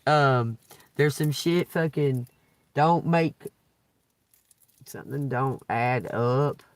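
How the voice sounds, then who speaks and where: A man of ordinary pitch talks his way through a live tarot reading in a loose, rambling flow. He swears casually and chuckles often, and his voice sits dry and close with little room sound. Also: takes it slowly, no room sound. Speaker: tarot reader.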